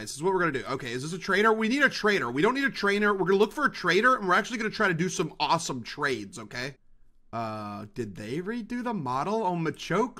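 Hyper, shouty gaming YouTuber man. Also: high-pitched. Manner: hyper, shouty, repeats himself, talks to viewers as dudes. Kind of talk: excited let's-play commentary.

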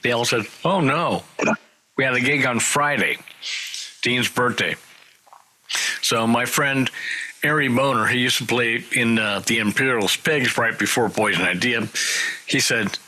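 A man telling road stories in a casual interview, animated and acting out the people he quotes. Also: mid-range voice, measured pace, pauses often, poor audio.

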